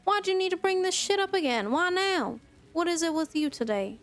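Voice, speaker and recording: A woman's voice: very high-pitched, expressive, moderate pace, voice pushed up. A woman reading aloud the lines of a bitter, worn-down 1940s housewife as she plays through a game. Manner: reads the game's lines aloud with growing anger.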